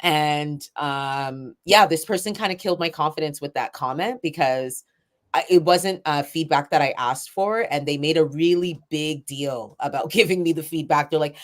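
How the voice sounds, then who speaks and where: Low-voiced, candid woman poet. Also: moderate pace. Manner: candid, rambling, with fillers and soft laughs; self-described shy. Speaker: spoken word poet and event organizer. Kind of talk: reflective interview conversation.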